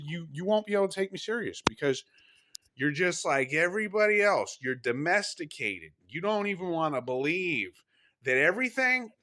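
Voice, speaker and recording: A man in a casual home vlog tells strange stories at a slightly raised pitch. He talks emphatically, restarts his sentences, and drops the odd curse. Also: sharp tone, a little hiss or hum. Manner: rambling, self-interrupting, emphatic, with mild cursing. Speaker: vlogger. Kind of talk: casual rambling storytelling to camera.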